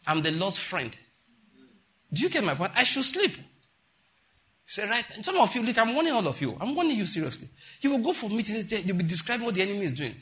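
Pastor preaching a sermon, man, very bright forceful voice, repeats phrases, scolds the congregation. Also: sits high.

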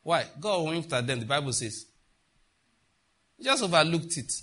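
A man's voice: a little high, lively intonation, moderate pace, a bit bright, slightly rough. A middle-aged man, preaching a sermon emphatically and asking the congregation rhetorical questions. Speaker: pastor.

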